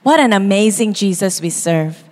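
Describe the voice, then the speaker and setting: A woman, preaching a sermon as pastor, expressive and quick to act out voices. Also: medium pitch. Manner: expressive, acts out quoted voices, laughs easily. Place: church hall. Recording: long reverb in a church hall.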